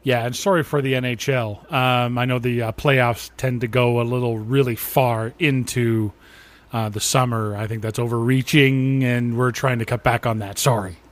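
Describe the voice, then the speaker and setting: Canadian male guest, mid pitch, slight stutter, earnest deadpan. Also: normal speed. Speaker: podcast guest. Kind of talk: comic mock apology bit.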